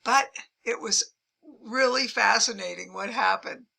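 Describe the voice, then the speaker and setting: An older woman shares amused travel stories in an unhurried, deliberate way. Her voice has a gravelly fry to it, yet the tone stays bright and forceful. She lifts her pitch whenever she quotes someone. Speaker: travel vlogger. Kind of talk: storytelling anecdotes to camera.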